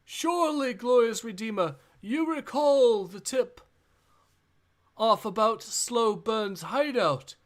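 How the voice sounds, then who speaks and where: A man voicing a scheming male servant who flatters in an oily, quick way. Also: very high-pitched, pitched above the performer's own voice, heavily acted. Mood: sly.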